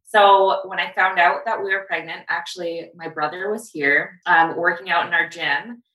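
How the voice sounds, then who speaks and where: Bright-voiced woman guest, roomy and off-mic. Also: fairly low pitch, normal speed, distant mic. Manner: chatty, animated storyteller. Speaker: podcast guest. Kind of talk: casual podcast chat.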